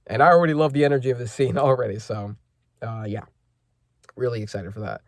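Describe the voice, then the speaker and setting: A man's voice: medium pitch, steady tone, quick pace, no echo, clean studio sound. A man hosting a casual manga chapter reaction, rambling with lots of fillers and self-corrections as he reads panels aloud.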